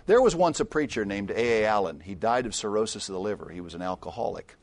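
An older man preaching a sermon, mixing personal stories with scripture, dropping to quiet asides and rising to loud emphatic peaks. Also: lowish voice, lively intonation, quick pace.

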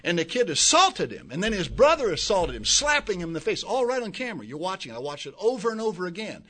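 An older male pastor delivering a sermon in a somewhat high voice. He drops to low, musing asides, then climbs into loud, fervent peaks, doubling his words as he presses a point home. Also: huge pitch swings, fast talker. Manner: repeats words when building a point.

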